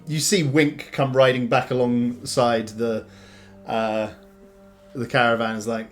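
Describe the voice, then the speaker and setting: A man narrating as game master of a tabletop game in a relaxed, rambling way. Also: medium pitch, measured pace, faint music behind.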